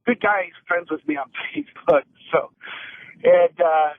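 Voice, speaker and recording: A man's voice: sits high, very animated, measured pace, gravelly, a little hiss or hum. A man calling in to a show, earnestly rambling through a personal story on a tinny phone line. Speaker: caller.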